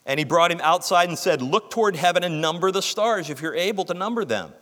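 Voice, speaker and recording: A man's voice: high-pitched, animated, fairly quick, a bit bright, long reverb tail. A man preaching a sermon, reading scripture aloud with emphasis and explaining it earnestly.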